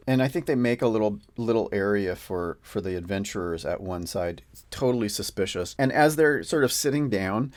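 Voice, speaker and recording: A man's voice: lowish voice, expressive, fairly quick, hardly any pauses, dry recording. A man narrating a solo tabletop game as game master, casual and rambling.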